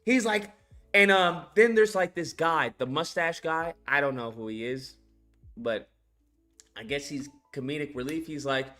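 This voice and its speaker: A man's voice: fairly high pitch, a little slow, sharp tone, faint music behind. A man hosting a channel, talking casually and incredulously through a film's scenes, swearing and laughing as he acts them out. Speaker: animation channel host reviewing a film. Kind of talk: casual ranting film commentary.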